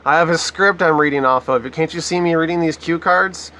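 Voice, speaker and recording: A man's voice: fairly high pitch, fairly quick, pushed and bright. A man giving sarcastic, profane commentary over a news clip. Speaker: online commentator.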